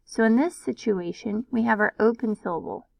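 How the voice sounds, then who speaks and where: A woman teacher giving a recorded phonics lesson, patiently sounding out words slowly. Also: a little high, creaky, no echo, poor audio.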